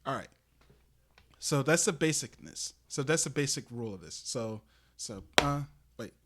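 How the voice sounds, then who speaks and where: A man's voice: medium pitch, animated, moderate pace, very noisy. A man giving a casual live-stream drum lesson, explaining step by step with many fillers and restarts. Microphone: desk microphone that peaks on loud drum hits.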